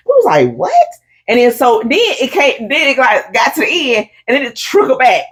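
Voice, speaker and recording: A woman co-hosting a casual chat, telling stories with lively acted-out voices and calling her friend "honey.". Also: a little high, fairly quick, slightly rough. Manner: animated storyteller, acts out crowd voices, says "honey". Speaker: podcast co-host.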